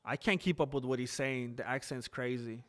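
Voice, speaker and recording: Male streamer, mid-range voice, casual reaction commentary, excitable and joking, talks right to chat. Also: mid-range voice, normal speed. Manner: excitable, joking, chatty asides to viewers. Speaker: live-stream host reacting to a fight broadcast.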